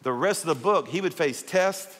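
A man's voice: fairly high pitch, moderate pace. A man preaching a sermon as pastor, telling stories animatedly and acting out the dialogue. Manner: animated storyteller who acts out dialogue. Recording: long reverb of a large hall.

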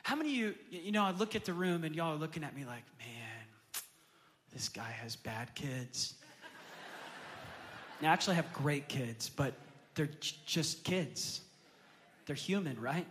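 A pastor in his thirties preaching a sermon to a congregation, building to loud impassioned peaks and acting out his children's voices in a story. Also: a little high, animated, brisk, slight background noise. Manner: acts out quoted voices of his kids in storytelling. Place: church sanctuary with a congregation. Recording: long hall reverb from a church sanctuary.

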